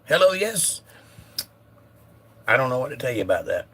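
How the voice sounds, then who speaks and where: Slightly hoarse laid-back male streamer. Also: mid-range voice, rapid-fire, bright, forceful tone, slight background noise. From United States. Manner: laid-back, reads viewer comments aloud. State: a little hoarse. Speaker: livestream host reading chat. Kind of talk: casual live-stream chat.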